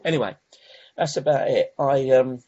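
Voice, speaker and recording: A man's voice: mid-range voice, normal speed, warm tone, highs cut off. A man sharing his recovery story at a meeting, rambling, with many restarts and "you know"s. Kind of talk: personal recovery share.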